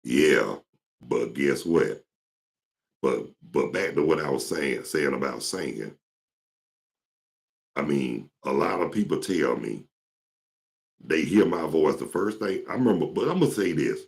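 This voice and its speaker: Host, male, very low gravelly voice, rambling storyteller. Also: animated, a little slow, pauses often. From Georgia, US. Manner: rambling, storytelling, mimics singers. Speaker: talk show host. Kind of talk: casual solo talk.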